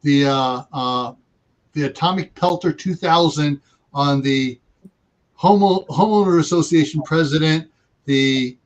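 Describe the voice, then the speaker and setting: Halting man in casual chat. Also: fairly high pitch. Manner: halting, searching for words with many fillers. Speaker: co-host of a livestream chat.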